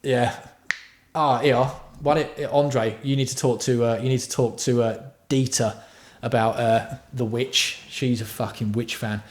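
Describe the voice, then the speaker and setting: A man's voice: mid-range voice, fairly even intonation, measured pace, slight background noise. A man hosting a casual livestream tutorial on music production. He chats with his viewers and swears freely. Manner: chatty, swears freely, answers viewer chat.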